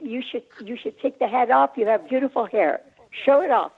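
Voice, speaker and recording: A woman's voice: on the high side, expressive, a little fast, vocal fry, husky. Sweet woman in her nineties on phone. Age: 90s. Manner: sweet, gently teasing. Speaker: caller. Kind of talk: casual phone chat. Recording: phone line.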